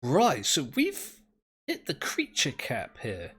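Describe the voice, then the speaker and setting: A man's voice: medium pitch, huge pitch swings, slow pace, fairly bright tone, husky. A man, commentating his own game play in a rambling, self-mocking, easily amused way. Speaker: gameplay commentator.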